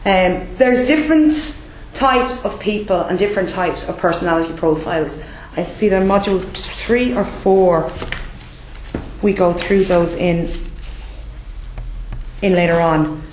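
A woman's voice: on the low side, a little slow, a little mellow, a little hiss or hum. An Irish woman running a debt collection training course, speaking emphatically and checking in with her listeners with frequent "okay?". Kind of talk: classroom training talk. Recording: roomy echo.

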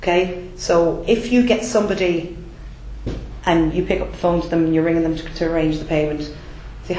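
A woman's voice: on the low side, steady tone, brisk, dark tone, slight background noise. An Irish woman running a debt collection training course, speaking emphatically and checking in with her listeners with frequent "okay?". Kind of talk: classroom training talk. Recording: roomy echo.

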